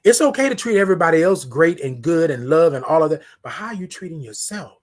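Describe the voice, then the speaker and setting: A man hosting a live-streamed morning show, talking in a preachy, affirming way, repeating his lines and swinging from loud to hushed. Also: on the high side, big pitch swings, fast talker. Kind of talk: motivational live-stream talk.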